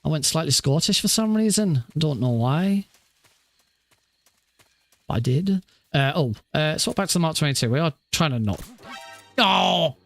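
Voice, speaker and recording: A man's voice: a little high, expressive, moderate pace, vocal fry, long pauses, soft background music. A man casually commenting on his own speedrun practice, rambling and self-deprecating with lots of fillers and restarts. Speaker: speedrunner streamer.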